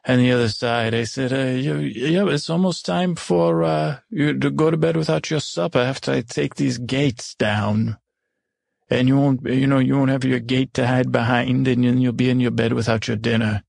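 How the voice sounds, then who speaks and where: A man voicing an older stepmother who was cruel in the past, recounting her adventures in a gravelly, husky voice. She rambles and stumbles, correcting herself mid-sentence in an improvised comedy. The sound is dry and close. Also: medium pitch, fairly even intonation, darkish tone, no room sound. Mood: rambling. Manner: rambling, halting and self-correcting. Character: Agatha, older stepmother, once cruel, now remorseful. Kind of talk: improvised first-person storytelling.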